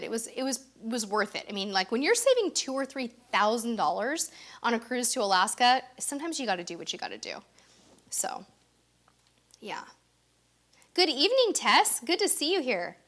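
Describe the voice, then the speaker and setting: A woman's voice: fairly high pitch, big pitch swings, normal speed, sharp tone. A middle-aged woman co-hosting a casual cruise live stream, reading viewer comments aloud with bubbly, effusive exclamations.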